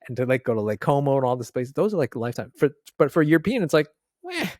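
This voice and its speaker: A man's voice: mid-range voice, animated, rapid-fire, a little mellow, no echo, studio quality. A middle-aged Canadian man co-hosting a podcast, chatting casually and telling stories animatedly, mimicking others and laughing often. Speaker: podcast co-host. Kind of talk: casual chat.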